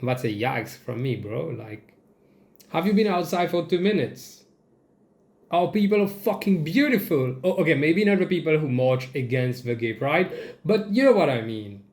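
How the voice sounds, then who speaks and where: A young man from Mauritius, host of a comedy show, ranting in a casual, animated way and swearing freely. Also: normal speed. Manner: animated, jumps into mocking high-pitched quoted voices, swears. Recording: echoey room.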